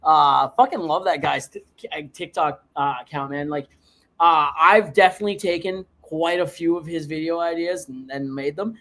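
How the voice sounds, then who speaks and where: A man from Canada hosting a podcast, telling profane stories in a casual chat with big jumps in pitch. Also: normal speed. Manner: profane, animated storyteller with big pitch swings. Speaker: podcast host.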